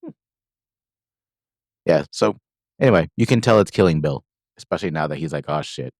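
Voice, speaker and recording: A man's voice: sits low, expressive, a little fast, a little mellow, no room sound, studio quality. A man co-hosting a podcast, casually retelling a movie's plot with lots of fillers and quoted lines. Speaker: podcast co-host recapping a film. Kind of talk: casual chat.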